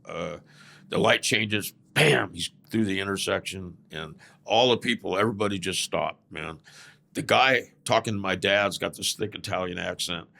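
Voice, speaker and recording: A man's voice: low voice, normal speed, gravelly, sharp tone. An older man from Southern California, a podcast guest who tells rambling stories and keeps saying "man". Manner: rambling storyteller, often says "man". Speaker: podcast guest, former biker club president. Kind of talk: casual storytelling interview.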